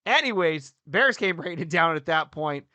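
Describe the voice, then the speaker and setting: A man in his thirties co-hosting a casual hockey podcast, joking and animated, swinging between loud bursts and quiet asides. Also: fairly high pitch, moderate pace, no room sound. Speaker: podcast co-host, hockey coach. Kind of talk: casual sports podcast chat.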